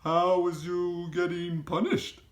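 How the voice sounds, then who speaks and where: A man voicing a big, soft-hearted old giant who talks in mangled grammar and stretches his words out high and wobbly. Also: flat delivery, takes it slowly. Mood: tender.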